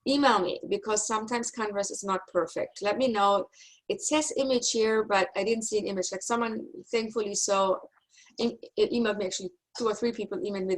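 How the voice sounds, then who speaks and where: A middle-aged woman with a German accent teaches a university class over a video call. She talks in a loose, chatty way, reassures her students and makes fun of herself. Her voice sits at an average pitch. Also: rough recording. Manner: chatty, self-deprecating, reassuring. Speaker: university instructor. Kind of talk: online class lecture. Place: home office on a video call.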